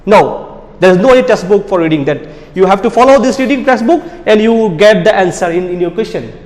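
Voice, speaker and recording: A man's voice: high voice, lively intonation, a little fast, darkish tone. A man from Bangladesh with a Bangladeshi English accent, teaching an exam prep class in an emphatic style that repeats key words. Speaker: IELTS teacher. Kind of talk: classroom lecture. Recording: long hall reverb.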